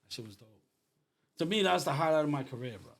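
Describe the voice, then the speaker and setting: A man's voice: fairly high pitch, fast talker, vocal fry. A middle-aged man from Rhode Island, an artist, telling stories in casual street slang and saying "bro" a lot. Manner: animated storyteller, street slang, says "bro" often. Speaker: artist, guest. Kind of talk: casual conversation.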